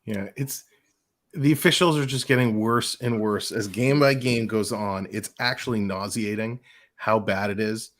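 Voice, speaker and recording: A man's voice: on the low side, moderate pace. A man co-hosting a hockey show, steadily laying out frustrated criticism in casual sports chat.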